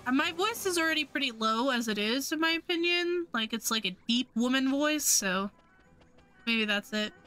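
A woman's voice: high-pitched, lively intonation, normal speed, pushed and bright, faint music behind. A woman streamer chatting casually and self-mockingly over a game she plays. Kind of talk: casual let's-play commentary.

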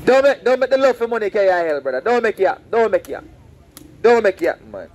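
A man's voice: sits high, big pitch swings, fast, darkish tone, lo-fi sound, slight background noise. A man preaching outdoors on a roadside, fervent and repetitive, warning and pleading with passersby. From Saint Vincent. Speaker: street preacher. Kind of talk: open-air preaching.

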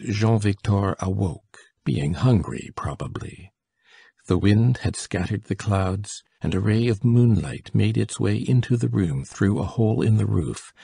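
Male audiobook narrator, husky, low-pitched, mellow timbre. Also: dry recording, studio quality. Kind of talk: scripted narration.

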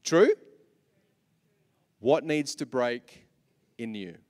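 A man with an Australian accent preaching a sermon as pastor, animated, swinging from soft asides to loud repeated lines. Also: medium pitch, drawn-out words. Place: large church hall. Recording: long reverb of a church hall.

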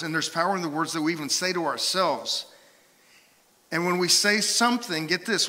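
A man preaching a sermon as a pastor, telling stories and acting out quoted voices with lively shifts. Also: fairly high pitch, in a large hall. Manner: animated storytelling, acts out voices and quotes. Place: church sanctuary.

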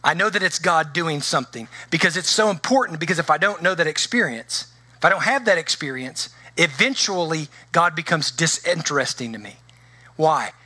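A man preaching a conversational sermon to his congregation, animated and full of restarts. His voice sits a little high and rings bright and forceful. The sound is close and dry. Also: dry recording. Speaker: pastor. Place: church sanctuary.

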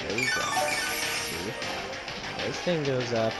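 A man commenting on a video game he is playing, joking, muttering quietly to himself, then bursting out loud. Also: mid-range voice, normal speed. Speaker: let's play commentator. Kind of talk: gameplay commentary. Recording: loud game music behind.

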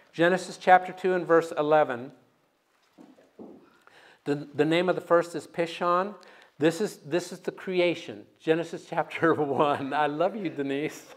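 A man preaching a sermon in a church, telling stories and leading the congregation in call-and-response. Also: a little high. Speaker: guest preacher. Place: church sanctuary.

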